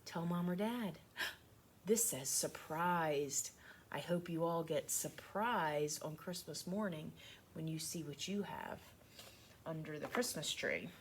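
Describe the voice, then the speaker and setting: A woman teacher giving a remote lesson to young children, speaking slowly and in a sing-song way. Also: low-pitched, slight background noise.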